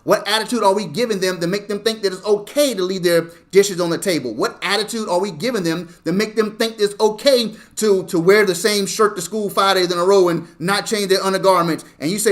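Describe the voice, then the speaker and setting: Man, pastor, high voice, conversational sermon, acts out family scenes. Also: a little fast, hardly any pauses. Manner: conversational, repeats "okay?" to the congregation; acts out parents and kids in quoted voices.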